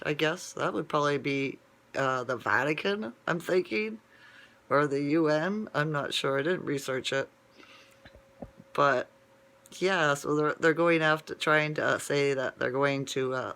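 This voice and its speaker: A vlogger talks straight to his viewers in a casual, rambling monologue, digressing with many restarts and asides and often asking "right?". His voice is on the high side, bright and forceful.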